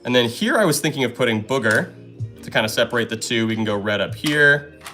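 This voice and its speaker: Young guy livestreaming puzzles, bright forceful voice, hyped and chatty, faint music under it. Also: medium pitch, a little fast. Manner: upbeat, excitable, thanks viewers often. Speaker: live-stream host. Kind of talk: casual live-stream chat while solving puzzles.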